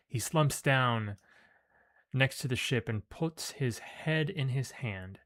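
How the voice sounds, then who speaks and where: A man's voice: medium pitch, slow, fairly bright tone. A man playing a video game and casually reading its story text aloud, with offhand asides. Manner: casual, reads with loose emphasis and asides.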